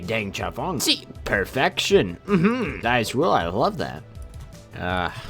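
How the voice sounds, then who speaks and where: A gaming YouTuber with a mid-range voice, big pitch swings, and a measured pace offers let's-play commentary on a strategy game, with faint music behind him. His casual delivery is sarcastic and playful, punctuated by exclamations.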